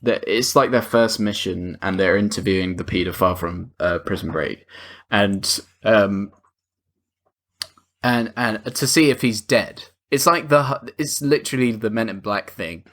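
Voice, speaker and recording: A man's voice: lowish voice, unhurried, fairly bright tone. A man co-hosting a podcast, animatedly retelling scenes with swearing and laughter. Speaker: podcast co-host. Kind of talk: casual chat.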